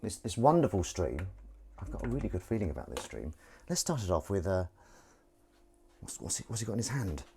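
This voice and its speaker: A man's voice: deep voice, big pitch swings, brisk, dark tone, slight background noise. A man hosting a casual solo livestream, rambling and self-mocking while he sets up and greets viewers. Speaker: livestream host.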